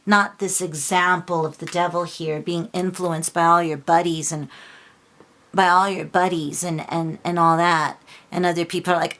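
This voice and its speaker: Woman, tarot reader, lowish voice, impassioned and scolding monologue. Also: flat delivery, moderate pace, a bit bright. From Los Angeles. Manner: impassioned, scolding, lots of filler and restarts.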